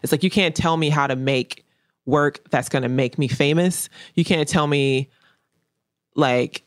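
A woman's voice: low-pitched, measured pace, dry recording, studio quality. A woman painter in a casual interview, speaking bluntly and repeating her main points for emphasis. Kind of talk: candid casual interview talk.

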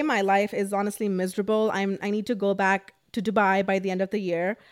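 A woman's voice: medium pitch, no echo. Dry, rambling young woman podcaster. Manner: rambling and emotional, heavy use of "like". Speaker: podcast host. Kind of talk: casual storytime monologue.

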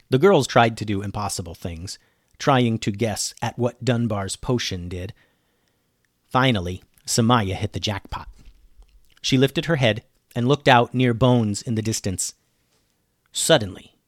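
A man narrating a children's story in a playful, animated way as a podcast host. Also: medium pitch, dry recording, clean studio sound.

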